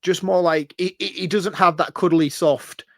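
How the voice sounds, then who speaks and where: A man co-hosting a podcast, chatting casually about a film in an excitable, rambling way and laughing often. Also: sits high, normal speed, dry recording, clean studio sound. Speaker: podcast co-host.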